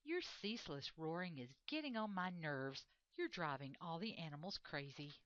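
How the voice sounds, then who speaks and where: A woman's voice: low voice, animated, normal speed, a bit bright, no room sound. A woman voicing a cheeky little warthog who speaks in a snappish way. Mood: irritated. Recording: dull lo-fi dry recording.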